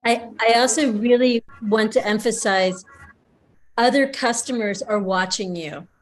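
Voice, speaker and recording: Slow, measured woman coach. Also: fairly high pitch, rough recording. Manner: calm, measured, repeats key points. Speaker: customer service coach. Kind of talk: coaching advice.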